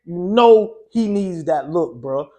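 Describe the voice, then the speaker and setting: Man, high voice, laid-back storyteller, lots of "you know", casual interview guest. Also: lively intonation, slow, a little mellow. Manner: loose and conversational, full of "you know" and "um".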